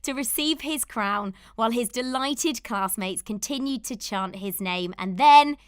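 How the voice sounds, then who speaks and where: A woman's voice: on the high side, unhurried, clear, resonant tone, dry recording, studio quality. A woman hosting a podcast, telling stories in an enthusiastic, gushing casual chat. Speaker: podcast host.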